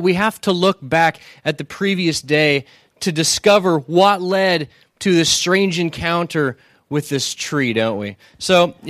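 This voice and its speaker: A man delivering a lighthearted sermon with a noticeably high-pitched voice. He tells comic stories and keeps checking in with the congregation. The sound is dry, with no room echo. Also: a bit bright. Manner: joking storyteller who keeps asking the crowd "right?". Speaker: pastor. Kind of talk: humorous sermon.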